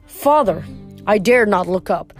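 Woman reader, steady first-person audiobook read, faint music bed. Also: medium pitch, measured pace. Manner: steady first-person storytelling with small slips. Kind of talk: reading a novel aloud.

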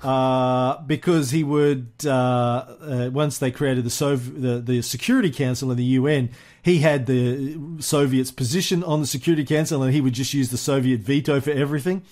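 A man's voice: mid-range voice, steady tone, moderate pace, darkish tone. A man hosting a history podcast, telling the story in a chatty, casual way with frequent fillers and easy laughs. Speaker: podcast host.

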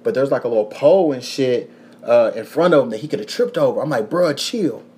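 A man's voice: mid-range voice, brisk. A young man from Kentucky with a Kentucky accent, hosting a podcast and telling a rowdy story in casual chat, full of cursing and acted-out quotes. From Kentucky, USA. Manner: profane, animated storytelling with voiced quotes. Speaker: podcast host.

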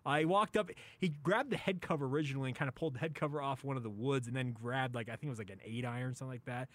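A man's voice: mid-range voice, fairly bright tone, no room sound. Male sports radio host, jokey and laughing, dry studio mic. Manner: laughs often, quick restarts, jokey. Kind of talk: casual sports radio banter. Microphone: studio microphone.

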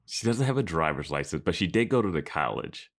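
Very deep-voiced man in casual chat. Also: sing-song, a little fast. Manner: laughs often, musing commentary. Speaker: podcast co-host.

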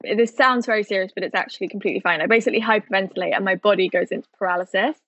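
A woman's voice: mid-range voice, very fast, fairly bright tone, dry recording, muffled recording. A woman, a podcast guest telling stories in a chatty, self-deprecating, rambling way. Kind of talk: casual conversational storytelling.

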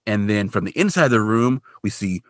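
A man co-hosting a podcast, recapping an episode in casual, animated storytelling full of "like". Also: lowish voice, brisk, dry recording, studio quality. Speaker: podcast co-host.

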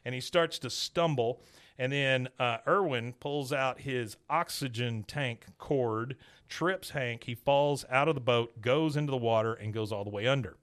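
A man's voice: mid-range voice, measured pace. A man casually recapping an episode and acting out the lines he quotes. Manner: animated retelling, acts out quotes. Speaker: podcast co-host.

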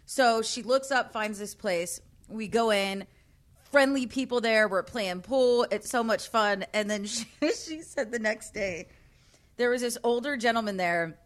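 A woman in her late thirties telling a long rambling story in casual chat, often trailing off softly. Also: on the high side, unhurried. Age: 30s. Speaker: co-host.

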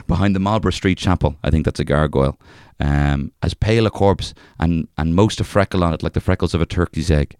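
A man's voice: low voice, darkish tone, clean tone, dry recording, studio quality. A young man on a casual podcast, reading an old folk tale aloud in a thick storyteller's brogue and breaking off to joke about the wording.

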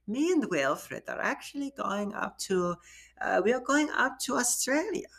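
A man's voice: extremely high pitch, animated, a little slow, gravelly, fairly bright tone, voice pushed up, heavily acted. A man voicing an elderly German woman in her sixties with a put-on German accent, politely asking a neighbor a favor. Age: 60s. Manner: polite, apologetic, hammy.

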